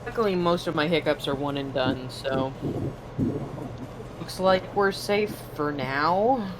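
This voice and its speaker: A woman's voice: sits low, takes it slowly, background noise. A woman streaming as she draws, telling stories in a casual chat and acting out other people's voices. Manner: animated storyteller, acts out voices, swears casually. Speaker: art streamer.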